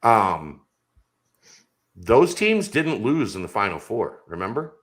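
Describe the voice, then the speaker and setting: Emphatic man with a bright, low voice. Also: very animated, slow pace. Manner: emphatic, argumentative. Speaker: podcast guest. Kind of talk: casual sports chat.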